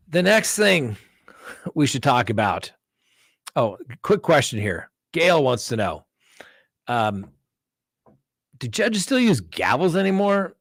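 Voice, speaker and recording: A man's voice: mid-range voice, a bit bright, dry recording, clean studio sound. A man who works as a defense attorney, hosting a live crime talk stream and telling courtroom stories with a blunt, combative edge, acting out both sides of the exchanges. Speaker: defense attorney and show host.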